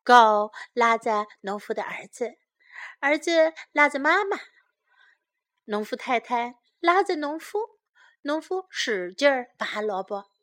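A woman reading a children's story aloud in two languages and teaching English, slowly and clearly repeating phrases for learners. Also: on the high side. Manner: lively storybook delivery.

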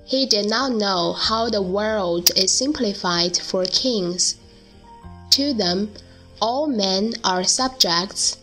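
A woman narrating a storybook in a slow, deliberate reading. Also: mid-range voice, fairly bright tone, faint music behind, poor audio.

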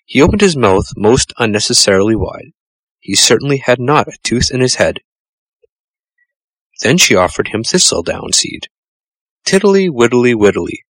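A man narrating a children's storybook in a measured, gentle storytelling manner. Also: medium pitch, lively intonation, husky, dry recording, rough recording. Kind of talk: storybook reading.

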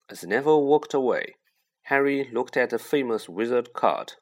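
A man narrating an audiobook in a measured, expressive way. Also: medium pitch.

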